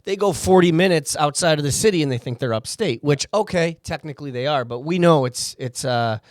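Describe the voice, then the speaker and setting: A man co-hosting a podcast, chatting casually, animated and swearing as he tells stories. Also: on the high side, brisk, dry recording, studio quality. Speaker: podcast co-host. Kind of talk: casual chat.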